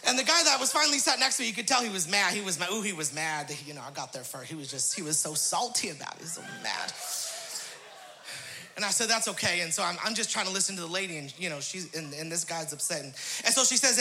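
A man preaching as a pastor, telling a humorous story with frequent laughter and quick praise interjections. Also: high-pitched, expressive, pushed and bright, slight background noise.

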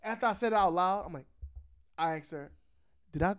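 Animated laughing man telling a story. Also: high voice, a little fast, clean tone. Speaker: podcast host. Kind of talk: casual storytelling chat.

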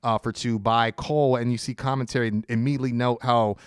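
A man's voice: mid-range voice, steady tone, fast talker, clear, resonant tone, no echo, studio quality. A man co-hosting a casual podcast, giving a detailed play-by-play recap with frequent filler words. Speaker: podcast co-host. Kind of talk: casual wrestling podcast chat.

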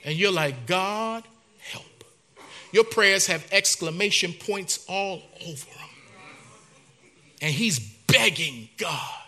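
Male pastor preaching in church, lively sweeping delivery, hushed to loud. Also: high-pitched, takes it slowly. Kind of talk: sermon.

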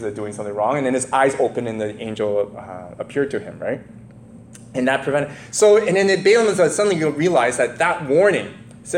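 A faint hiss or hum sits under a mid-range male voice as a pastor retells a scripture passage in a sermon. His delivery is loose and conversational, heavy on fillers and restarts, and he keeps checking in with listeners.

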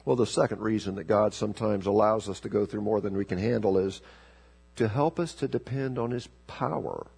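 A man preaching a sermon, telling a story with sharp emphatic rises and slowing to a low, deliberate voice for scripture. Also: vocal fry, slightly rough. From South America. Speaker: pastor.

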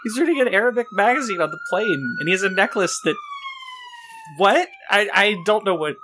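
A man's voice: sits high, lively intonation, quick pace, noisy background. A man co-hosting a casual podcast about a movie, talking in a rambling, incredulous way with many fillers. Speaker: podcast co-host. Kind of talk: casual chat.

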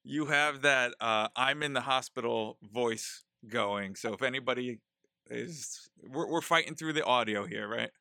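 Bright, teasing man with a dry sound. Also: mid-range voice, measured pace, vocal fry, no echo. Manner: teasing, joking. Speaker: podcast co-host. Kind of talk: casual sports podcast chat.

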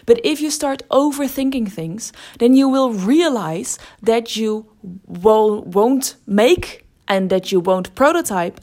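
A woman's voice: medium pitch, darkish tone. A middle-aged woman hosting a podcast as a creativity teacher, talking thoughtfully and often restarting her sentences. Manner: thoughtful, with frequent restarts and fillers. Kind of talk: casual spoken monologue.

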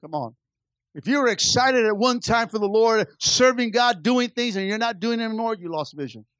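A pastor with a high-pitched, expressive voice and a fairly bright tone preaches to his church a little fast, with no room sound. His intensity rises and falls as he presses his point, full of repeated phrases and stammered restarts.

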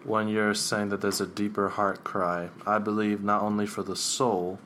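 Low-voiced respectful host, faint hiss. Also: male voice, level tone, moderate pace, fairly bright tone. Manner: respectful, long-winded questions. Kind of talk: interview questions.

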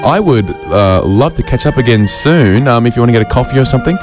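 A man delivering a rambling comic monologue full of quick asides and self-mocking jokes. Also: mid-range voice, lively intonation, music in the background. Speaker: comedian host.

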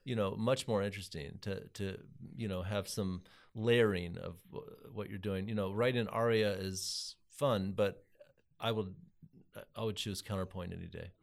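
Composer guest, man, very low voice, gravelly, hesitant but keen. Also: fairly even intonation. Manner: halting, repeats words, warm enthusiasm. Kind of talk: casual interview conversation.

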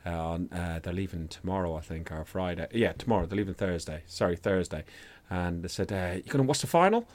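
A man's voice: deep voice, fairly even intonation, fairly quick, few pauses, darkish tone. A man hosting a casual football chat, rambling and jokey, with plenty of swearing. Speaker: podcast host.

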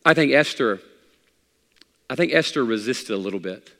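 Gravelly preacher in a big reverberant hall. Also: male voice, lively intonation, moderate pace. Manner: preaching with swings from loud high exhortation to low asides. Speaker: pastor. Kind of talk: sermon.

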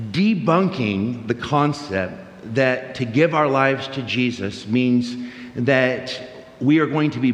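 Middle-aged male pastor in an echoing hall. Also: mid-range voice. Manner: conversational, anecdotal, with frequent fillers and restarts. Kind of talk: sermon. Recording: roomy hall reverb.

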